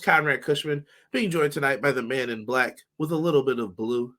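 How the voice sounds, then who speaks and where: A man hosting a casual wrestling podcast livestream, upbeat and greeting viewers by name, his voice slightly hoarse. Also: medium pitch, brisk, hardly any pauses, pushed and bright. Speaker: podcast host.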